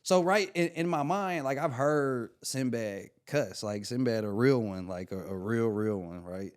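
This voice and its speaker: A man's voice: mid-range voice, a little slow. A man, a comedian and podcast guest, telling stories in a casual, slangy way and acting out the quotes. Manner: animated, slangy, acts out quotes. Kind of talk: casual storytelling chat.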